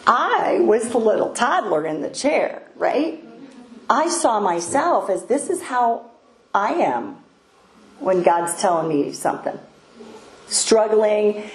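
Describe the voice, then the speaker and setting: An older woman giving a devotional talk, unhurried and hesitant, pausing often. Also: mid-range voice, lively intonation. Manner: unhurried, hesitant, many pauses. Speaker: speaker sharing a devotional story. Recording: echoey room, faint ambient noise.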